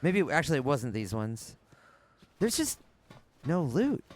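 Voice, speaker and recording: Animated man streaming a game. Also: on the high side, measured pace. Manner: animated, swears casually, thinks out loud. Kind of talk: live gameplay commentary.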